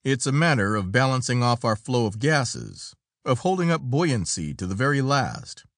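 A man's voice: medium pitch, sing-song, moderate pace, dry recording, studio quality. A man voicing an older male professor in an adventure audiobook, speaking in grave, clipped lines.

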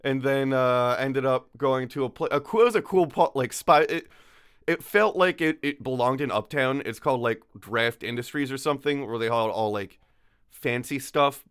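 A man's voice: mid-range voice, normal speed, a bit bright, clear, resonant tone, dry recording, clean studio sound. A young man co-hosting a casual podcast, rambling and cutting himself off, still groggy from just waking up. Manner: rambling, self-interrupting, laughs easily. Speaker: podcast co-host. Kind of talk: casual chat.

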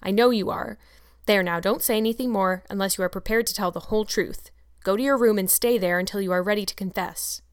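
A woman's voice: medium pitch, fairly quick, natural voice. Woman playing a stern, strict older woman. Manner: stern, sharp.

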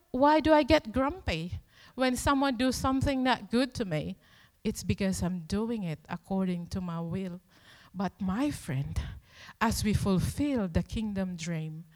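A woman delivers a sermon at an unhurried, deliberate pace, pressing her points with earnest emphasis and rhetorical questions. Her voice rings out with a long reverb from the church hall around her. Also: mid-range voice, a little mellow. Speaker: preacher.

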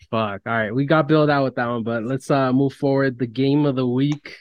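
A man's voice: mid-range voice, dry recording, lo-fi sound. A man co-hosting a sports podcast, talking casually, swearing a lot and venting about announcers. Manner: profane, animated, mocks announcers. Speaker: podcast co-host.

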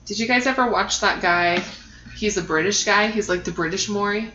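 A woman's voice: mid-range voice, normal speed, sharp tone. Laughing, blunt woman in an echoey room. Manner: laughs often, blunt and joking. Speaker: podcast co-host. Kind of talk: casual chat. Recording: echoey room, dull sound, background noise.

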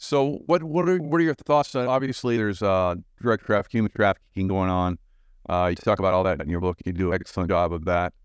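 A man's voice: low voice, brisk, smooth, no echo, highs cut off. A man hosting a podcast interview, asking loose, rambling questions with many fillers. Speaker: podcast host. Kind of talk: interview conversation.

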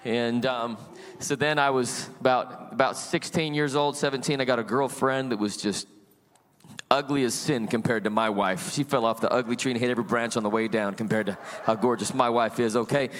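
Animated preaching man, echoing hall. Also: medium pitch, a little fast. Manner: animated storytelling, acts out quoted voices. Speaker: pastor. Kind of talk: sermon with personal testimony. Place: church.

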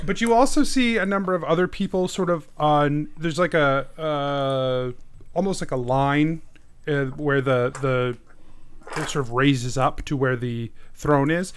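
A man's voice: on the high side, a little slow, a little hiss or hum. A man running a tabletop game as game master, narrating in a loose, chatty way with many fillers and frequent laughs.

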